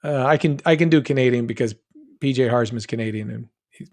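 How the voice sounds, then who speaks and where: A guest voice actor from the United States, speaking with a General American accent, answers fan questions on a live stream. His medium-pitched voice is chatty and joking as he reads chat questions aloud, full of quick asides and restarts.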